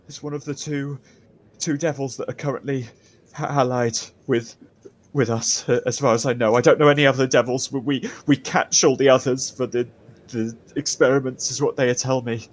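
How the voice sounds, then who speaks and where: A man's voice: mid-range voice, steady tone, slow pace, breathy edge. A man voicing a terrified captured male prisoner who stammers and pleads. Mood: frightened.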